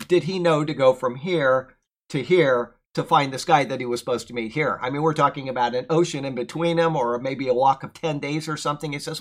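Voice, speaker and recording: A man teaching verse by verse through a letter of scripture. He reads the verses with emphasis, then drifts into relaxed, musing asides. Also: mid-range voice, a little fast. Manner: earnest, emphatic when quoting scripture, loose asides. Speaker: Bible teacher. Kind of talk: verse-by-verse Bible commentary.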